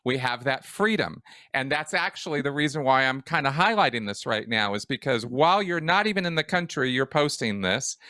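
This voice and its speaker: A man hosts an interview podcast, stepping in to sum up his guest's account with firm emphasis. His voice is bright and sharp. The sound is dry and close. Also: medium pitch, expressive, brisk, dry recording. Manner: clarifying, emphatic summarizing. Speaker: podcast host.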